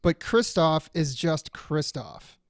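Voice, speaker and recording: A man guesting on a podcast over a remote call, easygoing and a bit halting, often laughing. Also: fairly high pitch, expressive, dry recording, studio quality. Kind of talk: casual podcast chat. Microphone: remote call from a cabin.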